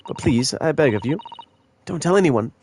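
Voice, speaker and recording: A man's voice: on the high side, expressive, normal speed, darkish tone, a little hiss or hum. A man reading aloud a young Russian woman, a prima ballerina hiding her identity, in a game's dialogue. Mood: pleading.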